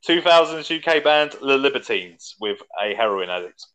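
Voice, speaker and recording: A man hosting a casual podcast, briskly running through a list and laughing often. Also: medium pitch, animated, a bit bright, clear, resonant tone, poor audio. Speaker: podcast host.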